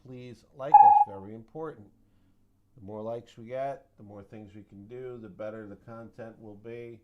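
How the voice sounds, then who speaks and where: A man's voice: on the low side, steady tone, moderate pace, warm tone. A man hosting a casual market recap, chatty and joking, with sound-effect mimicry. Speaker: host of a trading recap show.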